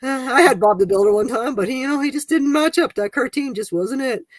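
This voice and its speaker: A woman's voice: sits high, brisk, dry recording, studio quality. A woman hosting a casual live chat stream, cracking bawdy jokes and laughing constantly. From Canada. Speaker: livestream host.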